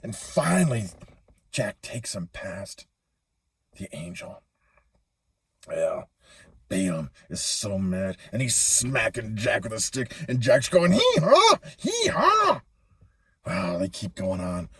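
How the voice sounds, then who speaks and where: A man telling a Bible story to children in an animated, playful way. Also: low voice, measured pace, husky.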